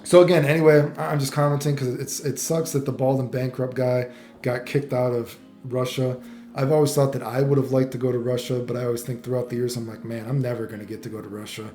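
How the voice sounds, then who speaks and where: A man's voice: mid-range voice, little pitch movement, a little fast, warm tone, roomy sound, soft background music. A man vlogging casual commentary, rambling and swearing, full of fillers and restarts.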